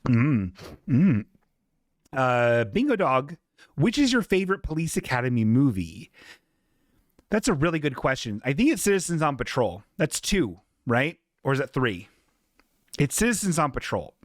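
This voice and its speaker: Clean studio sound with no room ambience carries his mid-range, highly animated voice at a moderate pace. He hosts a live podcast, reading chat messages jokingly, swearing freely and slipping into silly voices for those he quotes.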